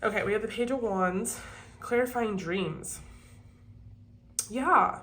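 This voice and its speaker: A woman's voice: medium pitch, slow pace, a bit bright. Chatty woman reading tarot cards. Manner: chatty and swearing, talks to viewers. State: sniffling from allergies. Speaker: tarot reader. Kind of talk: casual tarot reading monologue. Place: home, kept quiet for sleeping child.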